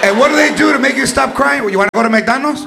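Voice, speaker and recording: A man's voice: very high voice, fast, creaky, pitched above the performer's own voice. A stand-up comedian acting out his stern Mexican mother scolding her young son, threatening and mixing Spanish slang into English, with a Mexican-American accent. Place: live comedy club. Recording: loud crowd laughter, noisy club.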